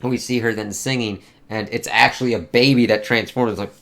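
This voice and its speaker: A man's voice: mid-range voice, steady tone, brisk, creaky, a bit bright. A man giving a casual, rambling comic book review, swearing often and filling gaps with "uh" and "like". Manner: rambling, profane, many fillers.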